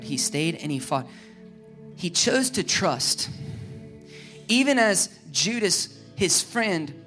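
A man preaching a sermon as a pastor, lively and humorous, driving his points home with repeated rhetorical questions. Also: high-pitched.

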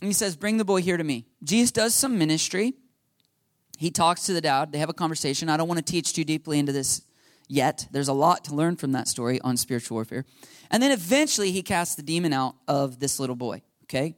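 A man's voice: fairly high pitch, animated, brisk, no echo, studio quality. A man preaching a sermon in a conversational teaching style, often checking in with his listeners. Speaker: pastor. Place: church.

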